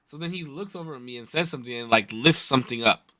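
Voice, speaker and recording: A man's voice: mid-range voice, quick pace, crowd noise. A man hosting a podcast, telling a story in casual, profane chat. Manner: profane, animated retelling. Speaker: podcast host.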